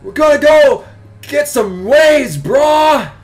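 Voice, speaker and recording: Cuddles, a squeaky surfer-dude rabbit. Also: male voice, big pitch swings, slow, faint music behind, exaggerated voice. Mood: stoked. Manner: drawling surfer slang. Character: laid-back male surfer rabbit cartoon character.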